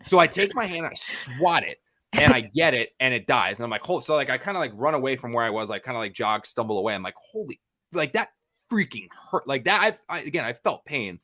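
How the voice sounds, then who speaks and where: A young man co-hosts a podcast and spins a long, rambling story. His voice is bright and forceful, sitting at an ordinary pitch. He talks in an animated way, full of fillers and false starts. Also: a little fast. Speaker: podcast co-host.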